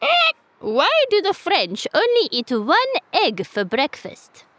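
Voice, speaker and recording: A cheery cockerel shopkeeper, put on by a woman reading a kids' story, squawking very high and bouncing all over the scale. He teases, jokes and breaks into a crowing cock-a-doodle laugh. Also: wildly swooping pitch, slow pace, fairly bright tone, dry recording, heavily acted. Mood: joking. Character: jolly male cockerel shopkeeper with moustache, laughing.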